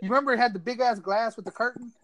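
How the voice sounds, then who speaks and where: A man's voice: very high-pitched, very fast, heavy background noise. A man casually telling a rowdy story to friends, laughing often and acting out what others said. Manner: laughs through his story, acts out friends' lines.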